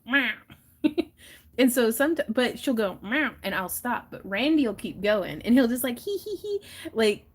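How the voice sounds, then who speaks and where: A woman hosting a crafting livestream, chatting casually and laughing often while she wire wraps. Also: medium pitch. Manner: giggly, chatty, acts out little voices in her stories.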